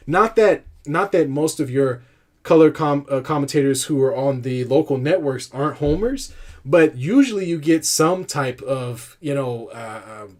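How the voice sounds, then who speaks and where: A man's voice: mid-range voice, darkish tone. A man co-hosting a casual sports talk show, ranting animatedly with frequent restarts and laughs. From California. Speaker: podcast co-host.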